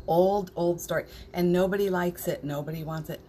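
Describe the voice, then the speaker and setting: A woman's voice: on the low side, fairly even intonation, normal speed, hardly any pauses, a little mellow, slight background noise. A woman hosting a spiritual morning livestream, chatting casually, reading out viewer comments, and getting emotional, with laughter and near tears.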